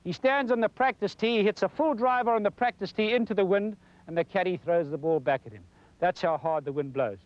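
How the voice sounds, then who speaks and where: A high-pitched golf instructor, talking a little fast, gives a down-home lesson on 1990s TV while demonstrating. The sound is dry and lo-fi.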